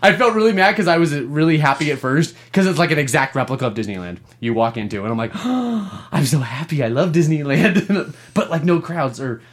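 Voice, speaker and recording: A man's voice: fairly high pitch, fast, hardly any pauses. Laughing, swearing man in gaming chat. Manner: profane, laughing, animated storytelling. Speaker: podcast co-host.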